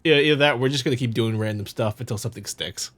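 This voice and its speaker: A man's voice: mid-range voice, fast, fairly bright tone, soft background music. A man co-hosting a game playthrough, chatting loosely and casually with a co-host. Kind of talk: casual let's-play chat.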